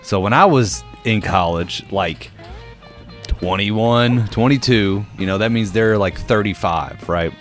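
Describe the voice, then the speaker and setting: A man's voice: lowish voice, slow pace. A young man, a podcast co-host, telling a casual story full of fillers. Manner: animated storyteller, many fillers, acts out voices. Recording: faint guitar music behind.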